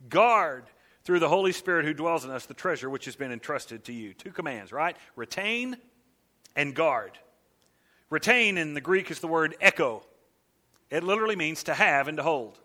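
A man preaching a sermon, swinging from hushed, slow lines to loud, urgent calls. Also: mid-range voice. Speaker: pastor.

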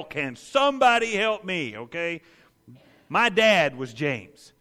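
A man preaching a sermon as pastor, telling the story with animated, playful asides, in a church. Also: fairly high pitch. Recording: echoey hall.

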